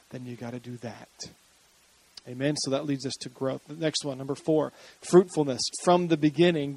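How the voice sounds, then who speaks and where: A man with a high voice preaches a lively sermon to his congregation. His tone climbs as he builds energy, with light jokes along the way. The sound is close and dry. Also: no room sound. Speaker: pastor.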